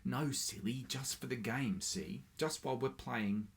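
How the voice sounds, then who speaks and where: A man's voice: medium pitch, unhurried, creaky, voice pushed up. A man reading aloud and voicing a boastful, bossy little boy who plays a bull in a children's card game. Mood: cross. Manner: loud, commanding, eager.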